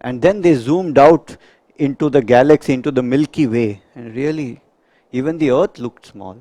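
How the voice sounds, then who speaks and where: A man's voice: medium pitch, normal speed, warm tone, no room sound. A man giving a reflective spiritual talk to a group, asking rhetorical questions. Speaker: spiritual speaker.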